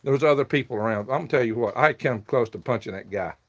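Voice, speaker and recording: A man's voice: medium pitch, quick pace. A man hosting a casual livestream, telling a rambling, aggrieved story. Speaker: livestream host selling worms.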